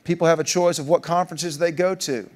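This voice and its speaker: A man, giving a keynote speech as a joking storyteller, his voice jumping up for punchlines. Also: brisk. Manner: animated, jokey storyteller, pitch jumping up for punchlines. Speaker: keynote speaker. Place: large conference hall.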